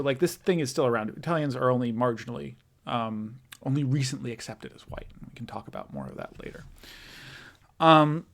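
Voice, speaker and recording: Casual man lecturing with many fillers. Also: mid-range voice. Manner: casual, thinking aloud with many fillers and self-corrections. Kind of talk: recorded lecture. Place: in front of a backdrop image.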